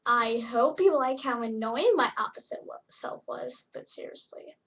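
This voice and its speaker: Chatty high-voiced woman vlogging. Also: expressive, normal speed, far from the mic, dull audio. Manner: rambling, chatty, filler-heavy. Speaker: vlog host. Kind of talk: casual home vlog.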